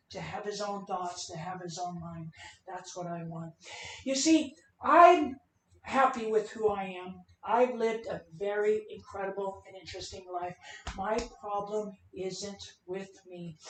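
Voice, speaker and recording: A woman giving an emotional personal testimony as a keynote speaker, swinging from loud outbursts to hushed lines. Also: medium pitch. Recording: roomy, from a distance, faint noise.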